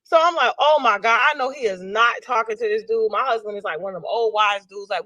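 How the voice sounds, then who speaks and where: Telling the story of an incident with animation, a woman performs the quotes of those involved in changing voices. She speaks briskly on the high side, with hardly any pauses, in a pushed, bright tone.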